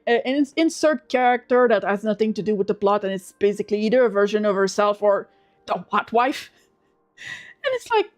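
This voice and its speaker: A young woman hosting a livestream, chatting casually in animated, swearing rants full of restarts. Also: on the high side. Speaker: livestream host.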